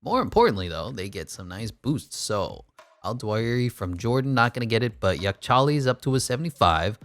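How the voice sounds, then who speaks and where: A man's voice: medium pitch, very animated, a bit bright, no room sound. A young man giving casual, joking play-by-play commentary on a basketball video game, rattling off player stats. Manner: jokey play-by-play with quick stat rundowns. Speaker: gaming YouTuber.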